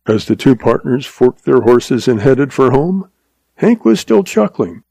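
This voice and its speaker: Man reading a western aloud, gravelly voice, dry close sound. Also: medium pitch, very animated, unhurried, mellow, no room sound. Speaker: narrator. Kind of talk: audiobook story reading.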